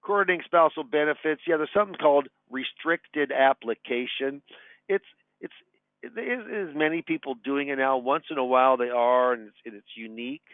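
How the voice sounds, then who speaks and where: Folksy older male advisor, 60s, mid pitch, dry phone-like webinar sound. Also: brisk, no room sound. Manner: folksy, chatty, tells anecdotes and chuckles. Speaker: retirement advisor. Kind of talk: webinar teaching. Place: his office.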